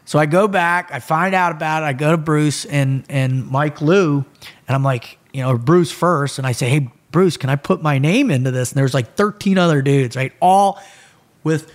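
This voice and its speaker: A middle-aged man recounts his past in a relaxed, conversational podcast chat. He swears casually and slips in and out of quoted dialogue, keeping the story animated. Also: on the high side, moderate pace. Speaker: podcast guest.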